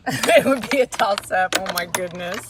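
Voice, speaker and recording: A woman's voice: medium pitch, slow pace, very noisy. A woman chatting casually to camera while doing chores outdoors, laughing often. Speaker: vlogger, homesteader. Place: outdoors by a chicken coop. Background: chickens and a rooster.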